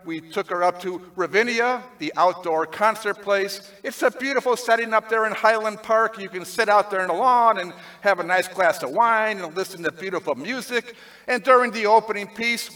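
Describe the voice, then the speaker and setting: Preaching a sermon, a man shares a personal story, his high-pitched voice moving lively from loud, excited stretches to quiet, tender moments. He's a pastor.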